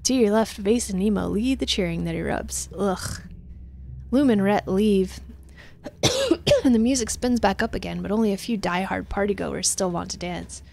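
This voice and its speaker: A woman streaming a text game, reading it aloud with snarky, laughing asides, her voice going hoarse. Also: medium pitch, animated, moderate pace, a little mellow.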